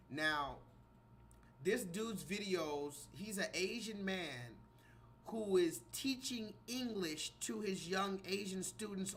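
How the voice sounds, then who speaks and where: Guy going off on a live stream, talks to chat a lot, faint room noise behind. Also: a little high. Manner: animated, mocking, rants at chat. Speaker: livestream commentator. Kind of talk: live reaction commentary.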